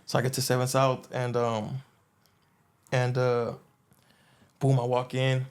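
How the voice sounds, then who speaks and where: A young man telling a long story in casual chat, rambling and filling gaps with "boom" and "you know what I'm saying". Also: completely flat delivery, slow, smooth. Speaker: guest.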